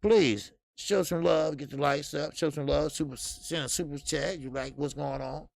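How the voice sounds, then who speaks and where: A man's voice: on the high side, steady tone, moderate pace, creaky, darkish tone. A man hosting a casual boxing livestream, talking loosely and profanely, reading out chat and breaking into laughter.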